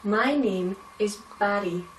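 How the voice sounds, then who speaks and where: Woman as a slow-spoken, patient therapist, heard from far off in an echoey room. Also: medium pitch, noisy background, close to an everyday voice. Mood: coaxing. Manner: slow, deliberate instructing. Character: patient female speech therapist coaching slowly.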